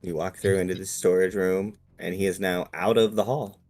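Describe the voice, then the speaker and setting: A man with a somewhat low voice running a live tabletop role-playing game. He narrates the scene in a relaxed, storytelling way and explains the rules as he goes. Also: moderate pace, faint music behind. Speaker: game master.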